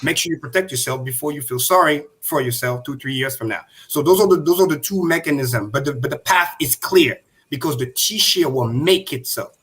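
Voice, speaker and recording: Emphatic bright-voiced male stream host. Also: a little high, animated. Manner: emphatic, repeats points slowly. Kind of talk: livestream crypto talk.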